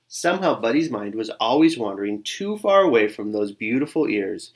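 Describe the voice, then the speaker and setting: A man reading a children's picture book aloud, with a lively sing-song delivery and soft hushed asides. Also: on the low side, normal speed, hardly any pauses. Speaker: storybook reader. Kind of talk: children's story read-aloud.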